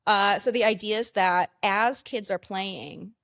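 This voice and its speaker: A woman's voice: mid-range voice, a little slow, vocal fry, a bit bright, no echo, clean studio sound. A woman counselor and play therapist explaining ideas in a conversational interview, with frequent "like" fillers.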